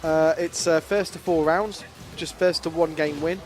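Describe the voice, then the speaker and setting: A man's voice: fairly high pitch, steady tone, normal speed, soft background music. A man casually commentating a fighting game tournament, chatty and playful, often laughing.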